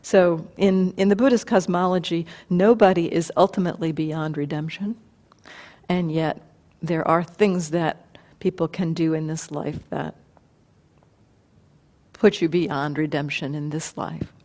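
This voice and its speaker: A woman meditation teacher giving a dharma talk, unhurried and thoughtful, often pausing and restarting her sentences. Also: sits low, steady tone, warm tone. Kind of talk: dharma talk retelling a story.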